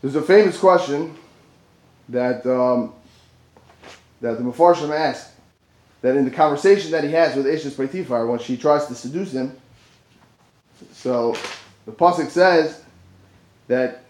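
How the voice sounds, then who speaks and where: High-voiced animated man teaching Torah. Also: a little slow, long pauses. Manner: animated, dips low for asides and rises for emphasis. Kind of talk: Torah class. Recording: roomy echo.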